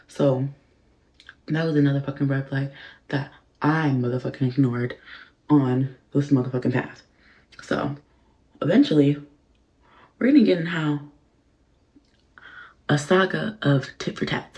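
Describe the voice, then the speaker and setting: A woman vlogger telling a story casually while getting ready, animated and profane, full of fillers. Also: deep voice, measured pace, long pauses.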